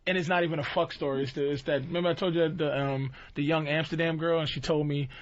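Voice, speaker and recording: Radio guest, man, 30s, high voice, blunt crude storyteller, dull lo-fi sound. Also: steady tone, quick pace, a crowd in the background. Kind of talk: crude casual radio chat.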